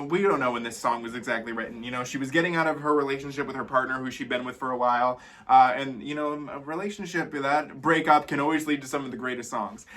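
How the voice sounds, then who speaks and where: A man hosting a casual music reaction, talking animatedly and breaking into sudden high exclamations. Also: sharp tone.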